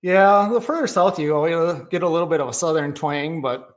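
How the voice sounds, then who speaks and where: A middle-aged man with a Minnesotan accent, his voice sitting a little high for a man. He tells rambling, folksy stories in casual chat and laughs often. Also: brisk. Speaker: podcast guest.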